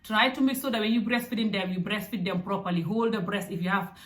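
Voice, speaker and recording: A young adult woman from Africa giving parenting advice in a casual, direct, animated way. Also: mid-range voice, fast. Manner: animated and direct, with acted asides. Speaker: parenting vlogger. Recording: echoey room.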